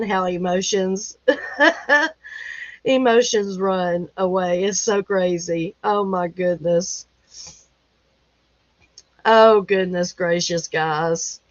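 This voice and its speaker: A woman with a mid-range voice reads news headlines on a casual livestream from her rural home, laughing often and tossing in folksy exclamations. The recording is dry and muffled.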